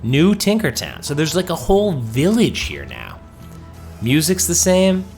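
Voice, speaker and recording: Lively man narrating a video game. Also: on the high side, measured pace, soft background music. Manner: chatty, enthusiastic, reads game dialogue in a storytelling tone. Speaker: gaming host. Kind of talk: let's play commentary, reading quest text aloud.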